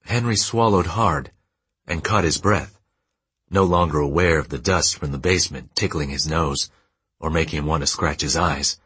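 Deep husky guy reading an audiobook, calm and measured, super dry sound. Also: dry recording. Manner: steady, measured storytelling. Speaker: audiobook narrator. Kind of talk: scripted narration.

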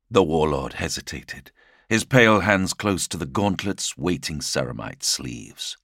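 A man narrating an audiobook in a dramatic, measured storytelling manner. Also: a bass voice, lively intonation, a bit bright, husky, dry recording, clean studio sound. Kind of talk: scripted narration.

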